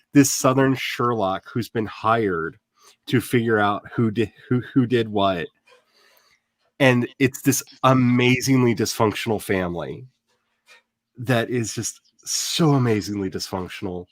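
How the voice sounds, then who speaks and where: Male host, casual chat, animated rambler, mid pitch, dry close sound. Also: measured pace, no echo. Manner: animated, rambling with many fillers.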